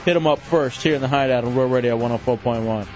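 A man's voice: medium pitch, quick pace. A man hosting a late-night call-in radio show, brash and joking with callers, calling them brother. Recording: muffled radio broadcast with faint music.

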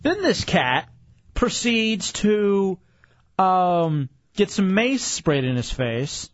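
A man co-hosting a podcast, telling news stories in animated casual chat. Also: sits high, extremely slow, dry recording, muffled recording. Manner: animated storytelling, reads news bits with commentary. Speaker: podcast co-host.

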